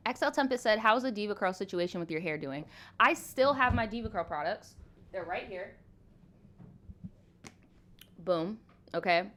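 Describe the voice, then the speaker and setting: A woman's voice: mid-range voice, lively intonation, moderate pace, pauses often, fairly bright tone, slight background noise. Young woman, twenties, live stream host, casual chat, frank, filler-heavy, swears casually. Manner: chatty, frank, swears casually, many "like"s and laughs. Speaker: livestream host.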